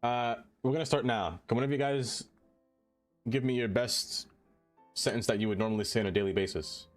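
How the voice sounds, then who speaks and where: A man live-streaming a city-building game, chatting casually with his viewers and laughing often. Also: on the low side.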